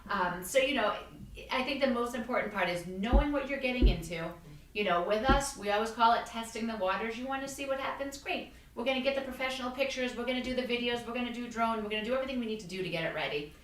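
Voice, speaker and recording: A woman's voice: on the high side, quick pace. Woman realtor host telling stories, chatty, roomy echo, mic kinda far. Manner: chatty storyteller, acts out quotes. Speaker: real estate agent and podcast host. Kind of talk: casual podcast chat. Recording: echoey room, mic at a distance.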